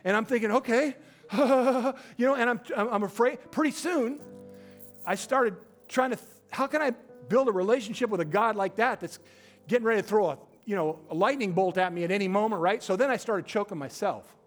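High-voiced pastor telling a story. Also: male voice, brisk, faint music behind. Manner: storytelling, animated, acts out quoted voices; drops to a low quiet voice for emphasis. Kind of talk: sermon.

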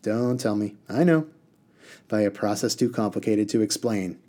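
A man's voice: on the low side, moderate pace, warm tone, close to an everyday voice. A man voicing an earnest young boy in a storybook read-aloud, polite but firm. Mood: puzzled.

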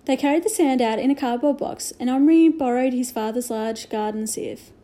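A woman reading a children's novel aloud with gentle storytelling and hushed asides. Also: high voice, steady tone, normal speed. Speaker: reader.

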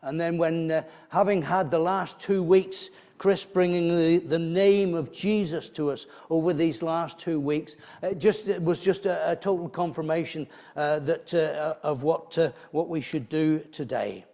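A man with a fairly high voice delivers a sermon in a church. He talks in a conversational way, puts rhetorical questions to his listeners and often restarts his phrases. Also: steady tone, unhurried, few pauses, dark tone. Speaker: preacher.

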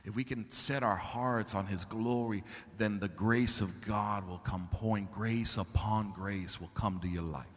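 A male pastor preaching a sermon, moving from quiet talk to loud, fervent exhortation and dropping in Spanish phrases. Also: on the low side, big-room sound. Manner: slips Spanish phrases into English.

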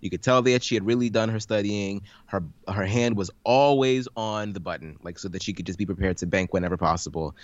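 A man's voice: lowish voice, a little fast, few pauses, no echo, dull audio. A man co-hosting a podcast, chatting casually about a game show with frequent ums and repeated words. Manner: relaxed, speaks with ums and repeats. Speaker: podcast co-host. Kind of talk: casual podcast recap chat.

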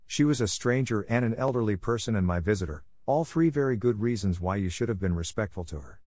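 A strict middle-aged woman scolds with severe, dry authority, as a man reads her part with a low voice. The sound is close and free of room echo. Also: animated, quick pace, darkish tone, natural voice. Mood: stern.

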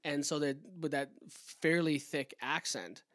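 A man's voice: a little high, a little slow, fairly bright tone. A man with a Canadian accent co-hosting a podcast, rambling and joking casually with a lot of swearing. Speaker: podcast co-host. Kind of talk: casual chat.

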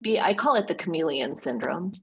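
A woman's voice: on the low side, animated, brisk, a little hiss or hum, poor audio. A woman hosting a casual conversation, talking in a reflective, thoughtful way.

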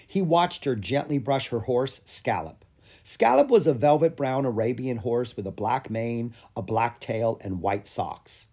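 A reader narrating a children's fantasy storybook aloud with lively expression. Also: mid-range voice, measured pace, slightly rough. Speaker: audiobook reader.

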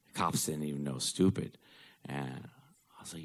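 A man's voice: rumbling low, normal speed, creaky. A man telling a personal story in a blunt, profane, darkly joking way.

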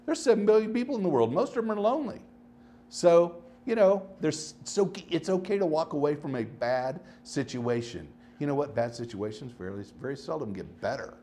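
A man hosting his own podcast, talking casually and rambling through stories, swinging between animated bursts and low asides. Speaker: podcast host. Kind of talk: casual solo podcast monologue.

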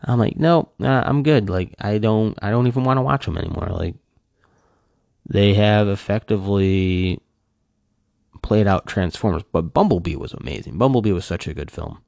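A man chatting casually and rambling, full of fillers and restarts, his voice jumping up when he gets excited. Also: on the low side, normal speed, gravelly, no echo. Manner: animated fan gushing, voice jumps up when excited. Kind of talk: casual chat.

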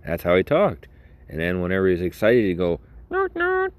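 A man's voice: deep voice, brisk, a little mellow. A middle-aged man hosting a solo podcast, rambling in a crude, sarcastic way and laughing at his own jokes. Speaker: podcast host.

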